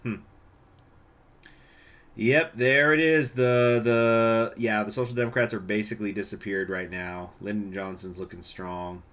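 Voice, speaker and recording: A man's voice: fairly low pitch, little pitch movement, unhurried, a bit bright. A man casually commenting on a strategy game during a live stream, laughing often and answering viewers. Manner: chatty, laughs often, reacts to chat.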